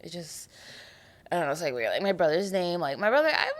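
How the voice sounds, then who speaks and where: A woman's voice: sits low, wildly swooping pitch, moderate pace, vocal fry. A young woman hosting her own podcast, chatting casually and animatedly with lots of asides and fillers. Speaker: podcast host. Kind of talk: casual solo podcast chat.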